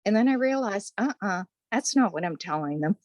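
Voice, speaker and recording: A woman's voice: mid-range voice, animated, moderate pace, dry recording. An older woman with a Boston accent, a course instructor chatting through interview answers. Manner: chatty, conversational.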